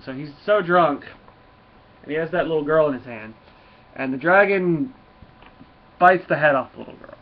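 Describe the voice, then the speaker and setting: A man's voice: a little high, normal speed, pauses often. A man casually recapping a comic book, rambling with restarts and chuckles. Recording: dull lo-fi with faint noise.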